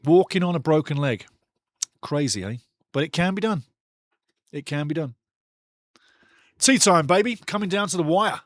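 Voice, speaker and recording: Lively man calling football, dry close sound. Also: on the high side, normal speed, long pauses, no echo. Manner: energetic, chatty, jumps between play-by-play and stories. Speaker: watch-along football commentator. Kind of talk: live watch-along match commentary.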